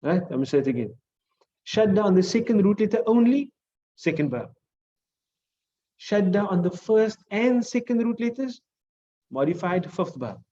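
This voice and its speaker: A man with a South African accent teaches a class, patiently walking through grammar rules and repeating each point. His voice sits fairly high but has a mellow tone. The recording is dull and lo-fi. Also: very animated, moderate pace, pauses often. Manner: explains patiently, repeats key points, checks understanding with "right?". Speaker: Islamic studies teacher. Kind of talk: classroom lesson on hadith and Arabic grammar.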